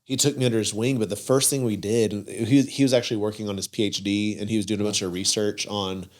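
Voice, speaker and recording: Storytelling church podcast man, lowish voice. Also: steady tone, quick pace. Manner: storytelling, acting out quoted speakers. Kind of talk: casual conversation.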